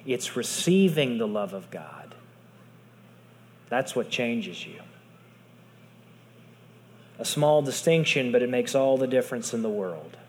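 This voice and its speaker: A man preaching a sermon in earnest, dropping to soft hushed tones for emphasis. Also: mid-range voice, expressive, takes it slowly, long pauses, in a large hall. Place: large hall with audience.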